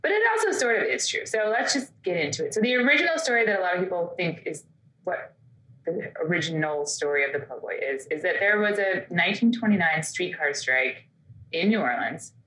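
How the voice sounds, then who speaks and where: A woman co-hosts a casual podcast, telling a story with playful quoted asides. Her voice is fairly low for a woman but bright and forward. The room gives it a noticeable echo. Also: lively intonation, a little fast. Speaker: podcast co-host. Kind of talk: casual chat.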